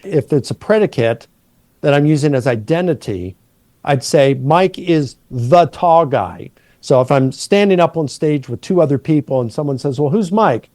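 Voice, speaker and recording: A middle-aged man, a New Testament professor, patiently explaining Greek grammar and slowing down to stress key words. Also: fairly high pitch, animated, warm tone, no echo.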